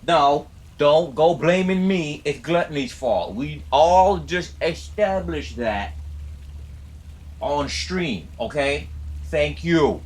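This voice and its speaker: A man's voice: a little high, lively intonation, slow. A man live-streaming a game, chatting casually and swearing while he teases his chat from his home gaming chair. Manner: hyped, profane, teasing his chat. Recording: noisy background.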